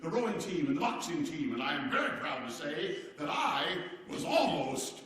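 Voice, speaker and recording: A man's voice: fairly high pitch, very animated, normal speed, fairly bright tone. An actor playing a hearty, boisterous old-time American president, speaking theatrically and exclamatorily straight to the audience in a live one-man stage show. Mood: genial. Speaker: stage performer. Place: performance hall before a seated audience. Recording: echoey hall, voice picked up from far off.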